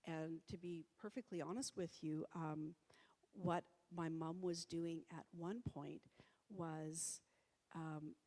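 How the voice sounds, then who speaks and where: A woman's voice: low voice, mellow. A middle-aged woman giving a conversational public talk in a church hall, with many fillers and restarts. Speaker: presenter. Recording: reverberant hall.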